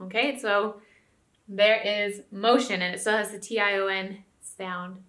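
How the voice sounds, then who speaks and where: A woman's voice: mid-range voice, steady tone, unhurried, a bit bright. A woman teacher giving a recorded spelling lesson to young students, patient and encouraging, often checking in with "okay?". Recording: roomy echo.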